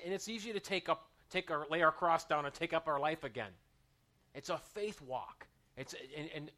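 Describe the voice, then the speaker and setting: Male preacher, fairly high and animated, bright tone; chatty sermon with self-deprecating humor. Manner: conversational, self-mocking humor with frequent "right?" asides.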